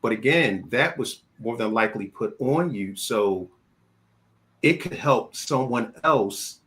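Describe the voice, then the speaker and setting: A man's voice: mid-range voice, animated, slow pace, a bit bright. A man hosting a film interview, chatting casually and telling stories, often repeating words as he starts a sentence. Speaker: interview host.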